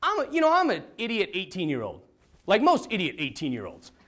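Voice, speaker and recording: A Catholic priest from North Dakota tells a funny, self-deprecating personal story to an audience and acts out the dialogue. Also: male voice, high-pitched, fairly quick. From North Dakota, USA. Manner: animated storyteller acting out quoted dialogue. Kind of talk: personal testimony told to an audience.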